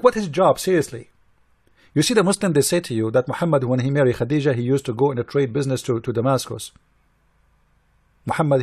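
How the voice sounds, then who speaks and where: A man's voice: medium pitch, a little mellow, slightly rough, no echo, studio quality. A man delivering a heated polemical monologue, indignant and mocking, firing off rhetorical questions in non-native English. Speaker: religious critic.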